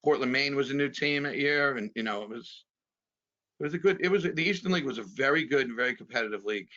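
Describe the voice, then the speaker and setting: A man in his fifties from New Jersey, a former pitcher, rambling through memories in a casual chat full of fillers. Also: quick pace, pushed and bright. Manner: rambling, many fillers, chuckles often. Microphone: video call. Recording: dull video-call audio.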